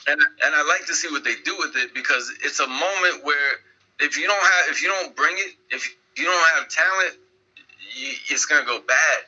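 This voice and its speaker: A man guesting on a podcast, telling a story in a rambling, animated way with many restarts. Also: on the high side, normal speed, breathy edge, highs cut off. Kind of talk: casual podcast chat.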